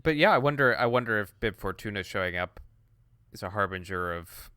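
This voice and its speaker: A man's voice: fairly low pitch, animated, a little fast, sharp tone, clear, resonant tone, no echo, studio quality. A man co-hosting a podcast in casual chat, explaining background details at length. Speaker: podcast co-host.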